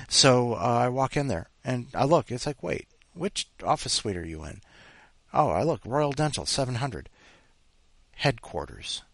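A male host tells a long, rambling anecdote, swearing and ranting as he goes. His voice sits at an ordinary pitch but swings widely, and he jumps into high mocking impressions of other people. The sound is dry and close. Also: big pitch swings, unhurried, no room sound. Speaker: podcast host.

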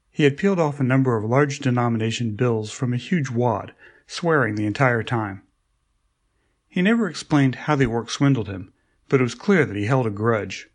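A man reading his own short stories aloud in a dry, wry way, as a regular contributor to a story show. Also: mid-range voice.

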